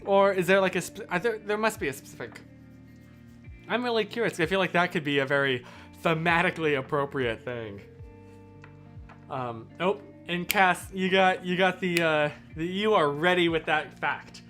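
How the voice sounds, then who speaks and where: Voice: medium pitch, animated, moderate pace, fairly bright tone, faint music behind. A live streamer telling a story in casual, rambling chat, often stopping to correct themself and talk to viewers.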